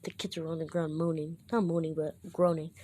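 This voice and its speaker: A woman's voice: low-pitched, level tone, a little fast, mellow, a little hiss or hum. A woman casually retelling a fan story, rambling and often correcting herself.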